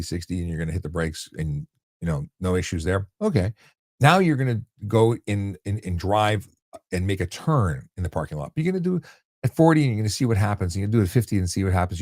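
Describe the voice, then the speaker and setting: Man, very low voice, blunt casual live Q&A host, conversational with restarts, dry close mic. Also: big pitch swings, fast, darkish tone, no room sound. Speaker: host answering viewer questions.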